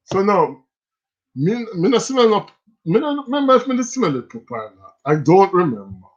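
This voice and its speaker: A man's voice: high voice, very animated, normal speed. A Jamaican man hosting a casual stream, telling stories in patois and laughing often. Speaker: livestream host. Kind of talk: casual storytelling. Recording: slightly dull lo-fi sound.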